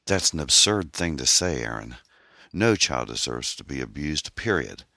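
A man's voice: very deep voice, very animated, moderate pace, bright, forceful tone, no room sound, studio quality, exaggerated voice. A man voicing a caring young man who speaks in an earnest, reassuring way.

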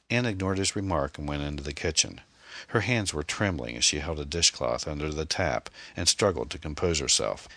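A man reading a novel aloud as an audiobook narrator in a steady, even-paced way. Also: very deep voice, a little fast, no echo.

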